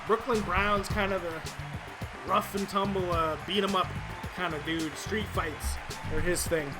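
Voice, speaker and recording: A man hosting and giving excitable play-by-play commentary over a wrestling video game, shouting on big moves and relaxing into laid-back asides. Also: high voice, measured pace, loud music behind the voice.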